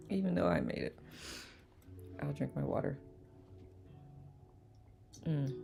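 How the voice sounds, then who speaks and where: A woman hosting a live online study session, greeting viewers by name in a relaxed, chatty way with a calming voice. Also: deep voice, vocal fry. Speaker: live-stream host of a letting-go study group. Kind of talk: casual livestream greeting chat.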